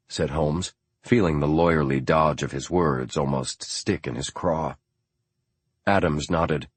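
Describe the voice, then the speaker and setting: Brief: male audiobook narrator, very low husky voice, steady delivery. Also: measured pace, no room sound. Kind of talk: scripted narration.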